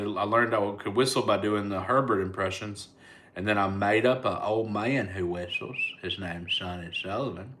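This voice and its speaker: Laid-back Southern joker on a live stream; lowish voice, teasing chat-reader. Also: male voice, background noise. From Alabama, US. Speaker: comedian and online host. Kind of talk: casual live-stream chat answering comments.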